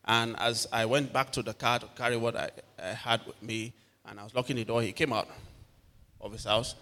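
A man's voice: medium pitch, a little fast. Preacher man in an echoing hall. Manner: animated storyteller acting out quotes. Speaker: pastor. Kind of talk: sermon with personal stories. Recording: long hall reverb.

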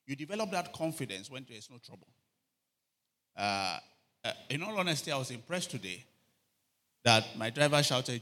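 A man preaching a sermon, telling animated stories and calling for amens. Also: mid-range voice, brisk, long pauses. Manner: animated storytelling, shouting quoted cries, frequent calls for amen. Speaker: pastor.

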